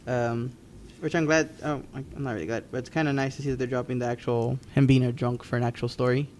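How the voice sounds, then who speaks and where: A man's voice: mid-range voice, level tone, quick pace, darkish tone, slight background noise. A man co-hosting a podcast, recapping wrestling matches in casual, rambling chat with frequent ums and restarts. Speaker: podcast co-host.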